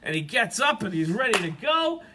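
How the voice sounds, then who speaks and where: Animated, high-voiced man telling kids' stories. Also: normal speed, noisy background. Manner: animated, expressive. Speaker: children's storyteller. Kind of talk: children's story narration.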